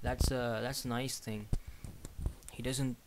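A man talks through his views in a casual, unscripted way, stumbling, restarting sentences and filling gaps with "uh" and "um". His pitch sits in the middle range, and faint noise hums in the background. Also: level tone. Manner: halting, with frequent restarts. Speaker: video commentator. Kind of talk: casual religious commentary.

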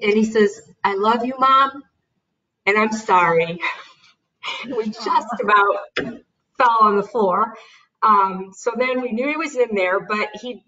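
A woman, a mother, telling her family's story in an interview and acting out what people said. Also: mid-range voice. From United States. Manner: animated retelling with quoted dialogue and light laughs. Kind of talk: conversational storytelling. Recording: distant, dull lo-fi recording.

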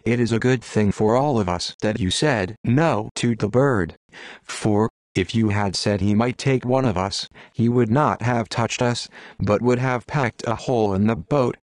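A man's voice: fairly low pitch, dry recording, natural voice. A man voicing a wise male trout guide in a storybook, speaking in a solemn, warning manner.

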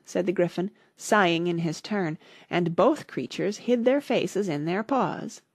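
A woman narrating a classic storybook with steady, unhurried storytelling. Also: on the low side, vocal fry, slightly rough, dry recording, clean studio sound. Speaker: audiobook narrator.

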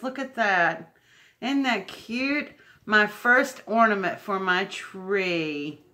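A woman's voice: mid-range voice, lively intonation, takes it slowly, sharp tone. A woman unboxing craft mail at home, gushing and emotional. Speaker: crafting vlogger. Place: home indoors.

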